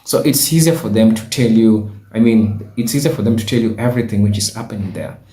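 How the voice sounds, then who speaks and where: A low, warm-toned man speaks earnestly and at a steady pace. The recording rings with room echo, which marks it as a clip played back from his video. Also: quick pace. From Kenya. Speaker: YouTuber. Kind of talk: advice vlog.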